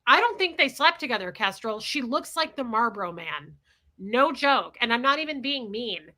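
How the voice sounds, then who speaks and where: Brief: candid, blunt woman streamer, bright and a little high. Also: expressive, moderate pace. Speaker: livestream host. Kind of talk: casual storytelling livestream.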